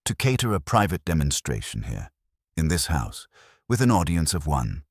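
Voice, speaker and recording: A man reading as Nero Wolfe, deep and formal. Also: big pitch swings, normal speed, no echo, studio quality, heavily acted. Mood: measured. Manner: formal, clipped pronouncements. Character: stout, imperious male detective, commanding.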